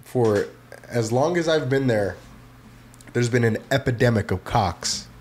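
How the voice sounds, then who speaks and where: A man's voice: mid-range voice, lively intonation, measured pace, slight background noise. A man chatting casually on a podcast, laid-back and joking. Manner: laid-back, joking, laughs at his own lines. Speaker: podcast co-host.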